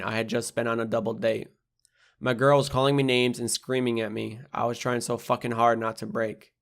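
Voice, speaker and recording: A man's voice: medium pitch, vocal fry, fairly bright tone. Young man reading blunt rhythmic poetry. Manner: rhythmic, rhyming delivery with blunt swearing. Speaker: poet reading his own book. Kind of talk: spoken-word poetry reading.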